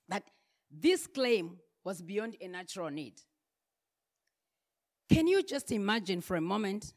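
A woman preaching a sermon, building her points through emphatic repeated refrains. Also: on the high side.

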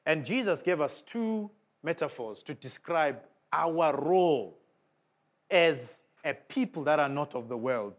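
A man preaches to his congregation with a fairly high voice. He stresses his points hard, his volume swelling and dropping, and he often asks his listeners questions. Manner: emphatic, with big swings of pitch and volume. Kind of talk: sermon.

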